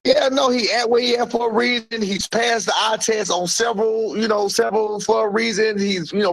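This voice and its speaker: A man's voice: sits high, fairly bright tone, no room sound. A middle-aged man, a boxer's father and trainer, talking in a blunt, profane and emphatic way during an interview. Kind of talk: heated interview talk.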